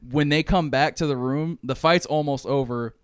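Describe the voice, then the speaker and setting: A man co-hosting a podcast in casual chat, telling an animated, swear-heavy story and acting out the characters' lines. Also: on the high side, moderate pace, clean tone, no echo, clean studio sound. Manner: excited storytelling, swears often, acts out lines. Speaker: podcast co-host.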